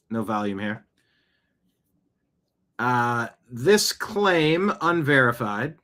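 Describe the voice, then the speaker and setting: A man hosts his own news show and delivers heated commentary in a voice of middling pitch. He fires off one rhetorical question after another, indignant and unrelenting. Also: bright, forceful tone. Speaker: show host.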